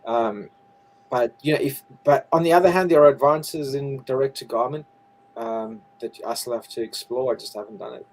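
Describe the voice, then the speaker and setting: A man's voice: medium pitch, normal speed, a little mellow, a little hiss or hum, poor audio. Rambling man, game creator guest. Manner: rambling, restarts often. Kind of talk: casual interview chat.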